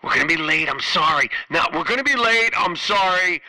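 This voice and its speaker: A man voicing a soft-spoken male airline captain who talks to passengers in a low, calming, apologetic way. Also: fairly quick, no room sound, poor audio. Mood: soothing. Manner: low, hushed, soothing.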